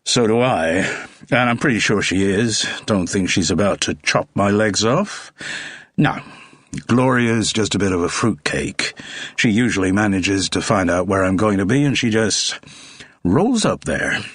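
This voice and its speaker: A man's voice: lowish voice, a little slow, a bit bright, breathy edge, no echo, studio quality. A man reading an audiobook, voicing a cautious, affable American actor. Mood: guarded. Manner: cautious, guarded. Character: wary American TV star man, affably humble.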